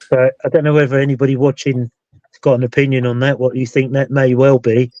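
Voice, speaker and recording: A man's voice: mid-range voice, level tone, brisk, darkish tone, no echo. Rambling British man on a dull lo-fi line. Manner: rambling, loses his thread and restarts. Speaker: paranormal investigator and show host. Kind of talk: casual live-stream chat. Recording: dull dry lo-fi sound.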